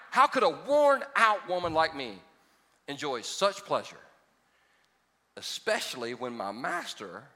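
A male pastor with a high voice preaches to his congregation, mixing comic storytelling with fervent calls to believe. His tone rings bright and forceful, carried by the long reverb of a big church hall. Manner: humorous storytelling, rising to emphatic exhortation. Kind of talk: sermon. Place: church auditorium before a congregation.

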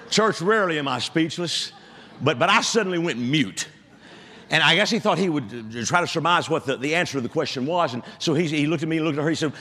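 A man's voice: on the high side, lively intonation, normal speed, bright, forceful tone, long reverb tail. A man in his seventies, a retired pastor, preaching with self-deprecating storytelling and frequent restarts. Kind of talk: sermon with a humorous story. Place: church sanctuary.

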